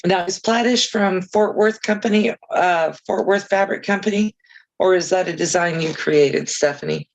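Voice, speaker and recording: A woman's voice: on the low side, steady tone, normal speed, poor audio. A woman hosting a casual crafting livestream, chatting easily with viewers and reading out their comments, with chirpy, self-deprecating asides.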